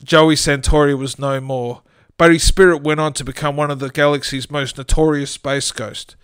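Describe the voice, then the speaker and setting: A man's voice: on the high side, steady tone, normal speed, fairly bright tone, smooth, no room sound, clean studio sound. A man with an Australian accent reading his own comic short story aloud on a storytelling podcast, often breaking into laughter. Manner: reads with frequent laughter breaking through.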